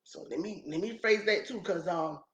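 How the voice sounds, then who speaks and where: A woman's voice: on the low side, normal speed. Ranting woman vlogger in a roomy space. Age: adult mother. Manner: emphatic, ranting, repeats herself. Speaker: YouTube vlogger. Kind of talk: casual reaction commentary. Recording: roomy echo.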